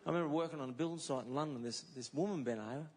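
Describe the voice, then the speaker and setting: A man's voice: fairly high pitch, very fast. A middle-aged Australian man performing a stand-up comedy set, telling stories and slipping into voices of the people in them. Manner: storytelling with voiced characters, animated impressions. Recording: live set with audience crowd and noise. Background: audience laughter.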